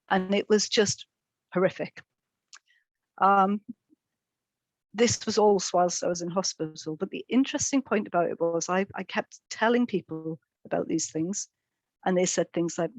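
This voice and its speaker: A middle-aged woman giving a personal testimony in a webinar, speaking in a halting way with frequent ums and repeated words. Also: lowish voice, steady tone, dry recording, poor audio. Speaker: speaker sharing lived experience in a webinar.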